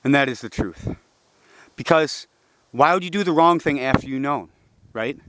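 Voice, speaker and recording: A young man in a rambling, profane monologue, agitated and preachy, dropping to low, frustrated mutters. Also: moderate pace, background noise. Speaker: vlogger.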